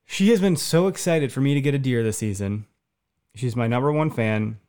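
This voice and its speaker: A man in his thirties from Wisconsin, co-hosting a podcast and telling an excited story in casual chat, with lots of restarts. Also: medium pitch, moderate pace, clean tone. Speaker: podcast co-host.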